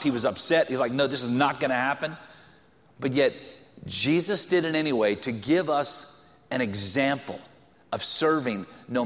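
Joking pastor preaching in a reverberant hall. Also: male voice, medium pitch, fairly bright tone. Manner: conversational, joking, many "like" fillers. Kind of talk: sermon. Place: church sanctuary.

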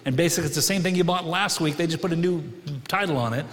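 A middle-aged male pastor with a notably high voice, preaching in a relaxed, conversational way and tossing questions to the congregation. His words ring out with a long reverb, as in a large church hall. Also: fast talker. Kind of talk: sermon. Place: church sanctuary.

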